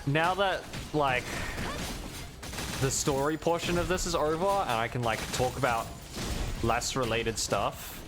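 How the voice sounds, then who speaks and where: A man's voice: mid-range voice, measured pace. A man chatting casually on a gaming livestream, rambling and interrupting himself as he thinks aloud. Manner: rambling, self-interrupting, yawning. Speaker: streamer. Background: game music.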